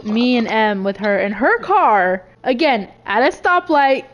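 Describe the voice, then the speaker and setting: Woman, podcast co-host, high pitched, animated storytelling, frequent swearing. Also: unhurried, lo-fi sound. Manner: animated, swears freely, laughs while telling stories. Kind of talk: casual storytelling chat.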